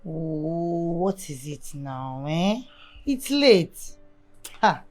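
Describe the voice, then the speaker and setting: A dismissive Nigerian wife with a low, mellow voice that swings widely as she mocks her husband. Faint music sits behind her in the film soundtrack. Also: lively intonation, measured pace. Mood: scornful. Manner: mocking, dismissive. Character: cold, scornful young wife.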